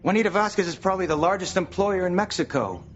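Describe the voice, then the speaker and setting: An actor playing a gruff federal drug agent who talks bluntly and dismissively. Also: male voice, high voice, lively intonation, quick pace. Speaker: soap opera character. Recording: dull TV audio under music.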